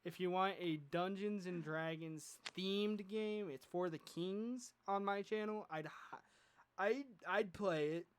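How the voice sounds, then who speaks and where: This podcast host is a man with a high, smooth voice who speaks at a slow pace. He rambles and jokes through a casual chat, leaning on plenty of fillers.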